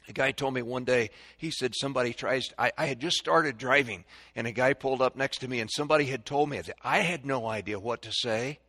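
An older man giving a folksy, sermon-style talk on raising children, animated, acting out stories and drills. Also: mid-range voice, brisk, hardly any pauses, dry recording, studio quality. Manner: animated storyteller, shouting drills to kids. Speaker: speaker on parenting.

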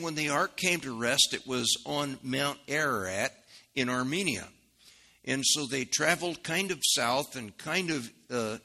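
Midwestern man preaching a sermon, explains things in a folksy, chatty way, with a piercing, breathy tone. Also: mid-range voice, pushed and bright. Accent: Midwestern American. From American Midwest. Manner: explanatory and conversational, with folksy asides. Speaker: Bible teacher.

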